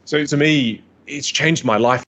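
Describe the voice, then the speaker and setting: On a muffled recording, a man with a slightly high voice speaks a little slowly while coaching on communication in a podcast interview. He is energetic and emphatic, repeating words to underline his points.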